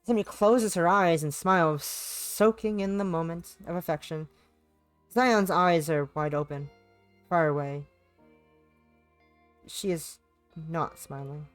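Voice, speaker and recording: A woman's voice: lowish voice, slow pace, pauses often, dry recording, soft background music. A young adult woman live streaming a visual novel, reading it aloud and chatting in a playful, rambling way that repeats itself and slips into sing-song bits. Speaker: game streamer.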